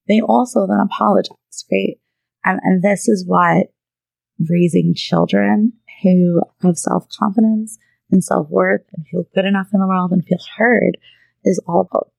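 A woman's voice: fairly low pitch, creaky, a little mellow, no room sound, rough recording. A woman in her thirties, a therapist hosting her own podcast, talking conversationally with frequent "right?" and "you know" asides. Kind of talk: casual monologue.

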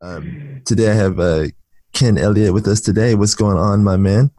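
Laid-back deep-voiced male podcast host. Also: normal speed, mellow, no echo. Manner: laid-back, chatty with many fillers. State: morning voice. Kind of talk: casual interview chat.

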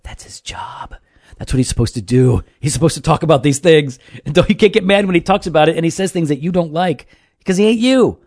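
A man co-hosts a relaxed podcast chat, his voice rising and falling a lot in pitch. He talks in a chatty, animated way and slips into mimicking people in quoted asides. The sound is dry and close, with no room echo. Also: quick pace. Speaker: podcast co-host.

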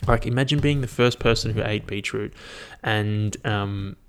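A man's voice: lowish voice, normal speed, slight background noise. A young man, musing aloud in a casual, profane monologue full of fillers. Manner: profane, animated, thinks aloud with many fillers.

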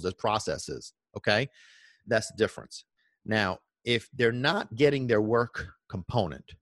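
A man's voice: on the low side, no room sound, clean studio sound. A man hosting a podcast on dog training, talking emphatically, peppering points with "okay?" and rhetorical questions. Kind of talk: podcast monologue.

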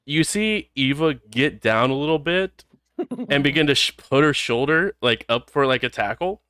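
A man's voice: on the high side, lively intonation, normal speed, pushed and bright, clear, resonant tone, no echo, clean studio sound. A man running a tabletop game as game master, laid-back and amused.

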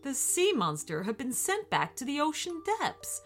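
A woman puts on a tearful young woman superhero who keeps apologising and calling herself a failure. Her pitch swings widely as she gushes. Soft music plays behind. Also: huge pitch swings, measured pace, heavily acted. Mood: upset. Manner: sad, apologetic, gushing.

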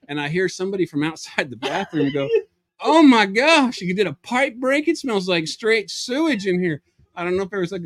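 A man, a podcast guest telling a comic story in an animated way, acting out voices and laughing as he goes. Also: fairly high pitch, no room sound.

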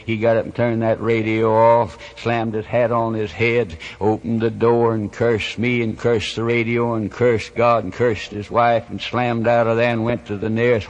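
Evangelist, mid-pitched, builds from hushed telling to hard shouting, dull old tape. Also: male voice. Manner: surges from quiet storytelling to loud impassioned warnings. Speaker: evangelist preacher. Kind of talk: fiery revival sermon. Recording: dull lo-fi old sermon recording.

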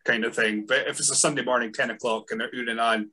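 A man hosting a podcast, chatting casually in a halting way, repeating words, with dry humour. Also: mid-range voice, fairly even intonation, bright, forceful tone. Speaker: podcast host. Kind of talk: casual chat.

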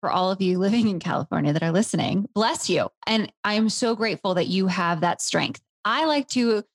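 A woman's voice: medium pitch, animated, brisk, no room sound, studio quality. A woman hosting a podcast, speaking in a reflective, earnest conversational way. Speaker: podcast host. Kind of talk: conversational interview.

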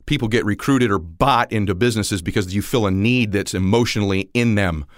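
A man in his forties giving a motivational talk, telling stories and acting out the dialogue, at times rising almost to a shout. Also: lowish voice, brisk, dry recording, clean studio sound. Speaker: motivational speaker.

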